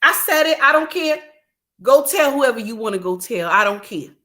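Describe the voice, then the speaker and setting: A woman's voice: fairly high pitch, expressive, normal speed, pushed and bright. A middle-aged woman, delivering an indignant, preachy ranting monologue full of repetition. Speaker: commentator.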